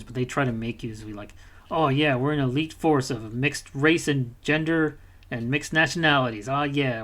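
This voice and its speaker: Male podcast co-host, casual and profane, rambling gaming rant with mock character asides, mid-range voice. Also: mid-range voice.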